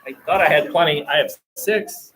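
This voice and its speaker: A man's voice: a little high, normal speed, noisy background. Wry, rambling male history teacher. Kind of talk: classroom lecture. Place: classroom. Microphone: webcam.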